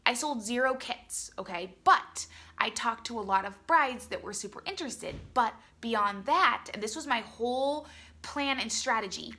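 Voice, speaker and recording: Bright, chatty young woman. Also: fairly high pitch, lively intonation, normal speed. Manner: chatty and effusive, says "like" and "you guys" a lot. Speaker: beauty product distributor. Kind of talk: casual live video talk to her team.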